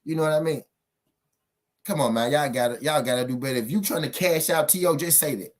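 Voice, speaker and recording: A man's voice: on the high side, brisk. A man giving casual boxing commentary on his own show, emphatic and profane, repeating points for effect.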